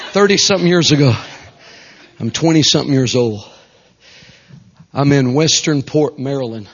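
A man, a traveling Pentecostal preacher telling stories in a fiery revival sermon, fervent and breaking into shouts and whoops. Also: mid-range voice, slightly rough, big-room sound. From South Arkansas. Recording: dull lo-fi recording.

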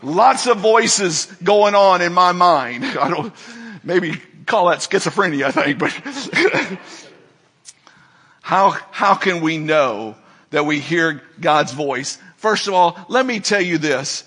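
A man preaching a sermon to a congregation, moving from quiet, intimate asides to loud, emphatic declarations. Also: sits high, animated, slow, husky. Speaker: pastor.

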